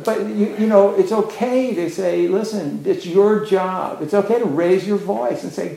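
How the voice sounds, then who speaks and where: A man's voice: high-pitched, unhurried, gravelly, few pauses, warm tone, a little hiss or hum. A man giving a casual, rambling Zen dharma talk, full of "you know" fillers. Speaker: Zen teacher. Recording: roomy echo.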